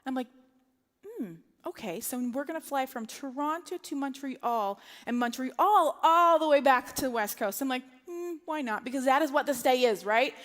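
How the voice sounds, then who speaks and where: A woman preaching, telling a personal story in an animated way and acting out her own lines and other people's lines in a church setting. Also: sits high, moderate pace. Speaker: pastor. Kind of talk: sermon storytelling. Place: church auditorium. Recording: long hall reverb.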